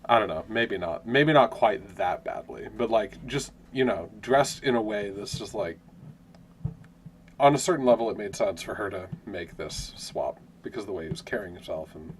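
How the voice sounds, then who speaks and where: A man's voice: fairly low pitch, normal speed, a little hiss or hum. A man running a tabletop game as game master, narrating casually with hedges.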